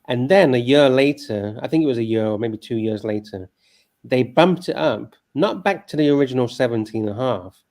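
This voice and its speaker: Ranting, animated male co-host. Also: mid-range voice, moderate pace. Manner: animated, ranting, laughs easily. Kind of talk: casual livestream chat.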